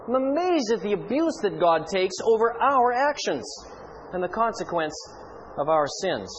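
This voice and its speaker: A man preaching a sermon in an animated, rhetorical way with playful asides. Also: high voice, moderate pace, highs cut off, slight background noise.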